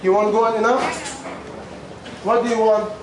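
A man's voice: high-pitched, steady tone, moderate pace. A man teaching a class in simple, broken English, repeating questions to his students while losing his voice. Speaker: religious teacher. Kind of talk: question-and-answer class talk. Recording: very echoey room, far from the mic, ambient noise.

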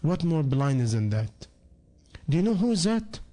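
A man preaching a sermon, his voice sitting notably high for a man. He speaks English with broken, non-native grammar. He keeps pressing his listeners with rhetorical questions and demands for answers. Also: sing-song, moderate pace, mellow. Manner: rhetorical questions put to the audience.

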